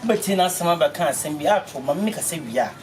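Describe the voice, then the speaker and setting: Quick defensive voice, far from the mic. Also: mid-range voice, animated, background noise. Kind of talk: comedy skit dialogue. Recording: distant mic with crowd behind.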